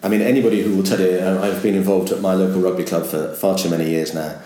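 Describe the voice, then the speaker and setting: A sports broadcaster with a very low voice speaks in a reflective, emphatic way. He often stumbles and repeats words as he starts each point. His voice echoes around the room. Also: steady tone, fast talker, dark tone. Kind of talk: reflective interview talk.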